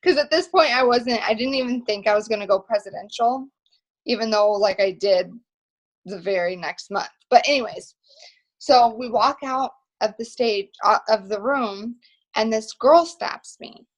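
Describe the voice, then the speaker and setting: Excited young woman on a video call. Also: on the high side, normal speed, rough recording. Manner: excited, emphatic, rambling storytelling. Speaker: team leader hosting a call. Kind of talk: motivational team call.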